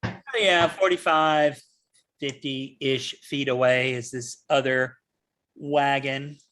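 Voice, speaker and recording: A man's voice: medium pitch, fairly even intonation, takes it slowly, fairly bright tone. A man narrating as game master, rambling and loose with many fillers.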